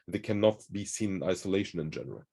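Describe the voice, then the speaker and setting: A man's voice: low voice, expressive, fast, creaky, mellow, breathy edge. A man hosting a conversation, explaining ideas in a thoughtful, searching way. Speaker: host. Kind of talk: conversational discussion.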